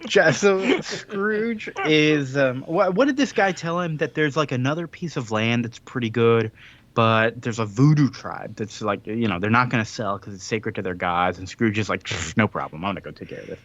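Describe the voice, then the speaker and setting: Animated man recapping a comic. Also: mid-range voice, highs cut off. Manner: animated retelling with quick put-on character voices. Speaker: podcast co-host. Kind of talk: casual chat recapping a comic.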